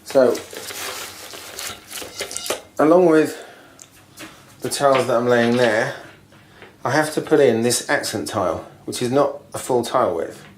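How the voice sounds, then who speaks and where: A man hosting a DIY video casually walks through bathroom tiling step by step, thinking aloud with ums and restarts, in an indoor bathroom being refurbished. His medium-pitched voice moves at a measured pace with long pauses; the camera mic roams the echoey room with slight background noise.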